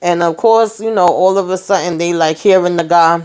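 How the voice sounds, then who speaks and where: A young adult woman with a fairly low, darkish, clean-toned voice talks through a TV episode at a moderate pace. She keeps it chatty and loose, with slang and fillers, acting out the characters' lines in quotes.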